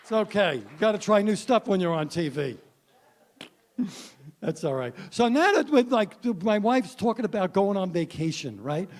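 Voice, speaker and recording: A man's voice: high voice, animated, normal speed. A man in his sixties doing a stand-up comedy set on stage, punchy and wry, talking straight to the crowd. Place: stage before a live audience.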